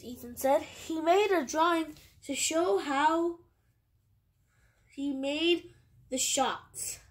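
High, slow woman reading a picture book. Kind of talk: storybook read-aloud.

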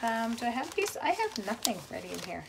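A woman's voice: fairly high pitch, sing-song, quick pace, vocal fry, noisy background. A woman, chatting casually as she hosts a craft demo and talks to viewers between steps. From Canada. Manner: chatty, giggly, with asides to viewers. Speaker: craft demonstrator and host.

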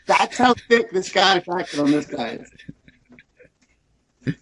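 A man's voice: a little high, lively intonation, moderate pace, a bit bright. A man who creates comic books, chatting as a podcast guest, rambling and enthusiastic, with many restarts. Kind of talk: casual interview chat.

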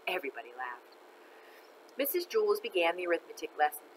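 A woman reading a children's book aloud in an expressive, animated way. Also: on the low side, a little fast, slight background noise, low-quality recording. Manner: expressive, animated, laughs between lines. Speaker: storyteller.

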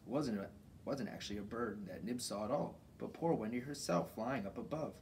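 A man reading a children's book aloud in an informal, relaxed way, from his home garage workshop. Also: on the low side, a little fast, distant mic, slight background noise, low-quality recording. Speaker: children's story reader.

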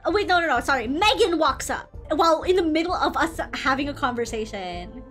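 A woman's voice: sits high, big pitch swings, normal speed, a bit bright, soft background music. A woman VTuber from the Philippines telling a rambling, swearing story with lots of fillers and self-corrections. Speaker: VTuber streamer. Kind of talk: casual storytelling.

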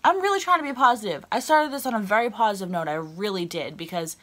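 A woman's voice: medium pitch, animated, fast, a bit bright. A woman fan ranting casually on her vlog, blunt and heated, swearing freely. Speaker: wrestling fan vlogger.

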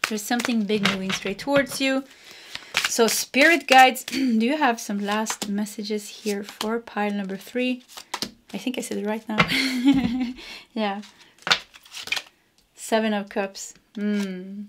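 Woman, tarot reader, chatty, laughs a lot, slightly high voice. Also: slow pace, noisy background. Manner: chatty, laughs often, repeats phrases. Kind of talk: casual pick-a-card tarot reading.

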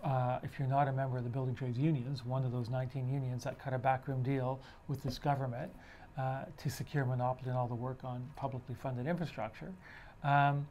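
Male podcast co-host, middle pitch, halting and full of restarts. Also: little pitch movement, darkish tone, a little hiss or hum. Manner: halting, many fillers and restarts while building a point. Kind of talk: casual discussion podcast.

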